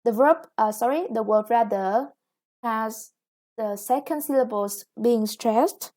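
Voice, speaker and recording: This Vietnamese-accented woman teaches English grammar on a recording, taking her time and often saying "okay" and "yeah." Her pitch is slightly high and her sound a bit mellow.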